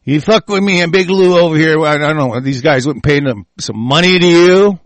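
A man's voice: a little high, moderate pace, dry recording, lightly acted. A man putting on the voice of a smug, corrupt local official, sneering and mocking.

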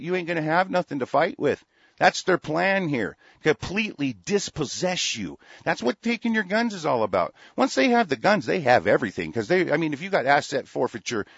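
A man's voice: on the high side, gravelly, fairly bright tone, slightly rough, dry recording, muffled recording. An older man hosting a talk radio show, ranting angrily and cursing often, with frequent restarts. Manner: profane, heated, with frequent restarts. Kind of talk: angry political rant.

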